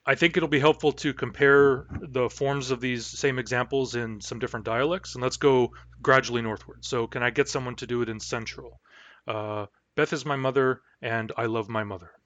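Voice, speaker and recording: A man's voice: mid-range voice, fairly even intonation, a bit bright, no echo. Patient male language teacher, dry muffled sound. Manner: patient, repeats example phrases slowly. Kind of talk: classroom language lesson.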